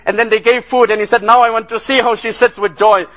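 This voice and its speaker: A man's voice: very high-pitched, little pitch movement, fast, a bit bright, poor audio. A man giving an earnest sermon about a relief trip, telling stories and rising into impassioned appeals. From South Africa. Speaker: Islamic speaker.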